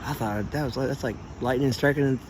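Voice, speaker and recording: A man's voice: mid-range voice, fairly bright tone, a little hiss or hum. A man ranting angrily and profanely into his phone camera while outdoors in his yard, stoned and rambling. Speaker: vlogger.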